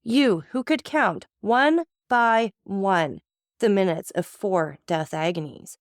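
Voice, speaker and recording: A woman's voice: mid-range voice, lively intonation, normal speed, dry recording, clean studio sound, natural voice. A woman doing a cold accusing magistrate. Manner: coldly accusing, contemptuous. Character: stern cold-blooded magistrate husband, male.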